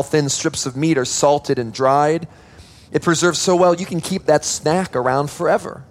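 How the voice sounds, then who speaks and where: Male pastor, sermon delivery, earnest and emphatic, slightly higher voice. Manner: earnest, emphatic preaching with teaching asides.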